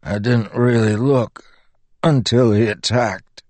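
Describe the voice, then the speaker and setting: A man voicing a wounded soldier who speaks faintly and haltingly. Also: medium pitch, steady tone, a little mellow, no echo, pitched above the performer's own voice, lightly acted. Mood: weak. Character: wounded male soldier, weak and groaning.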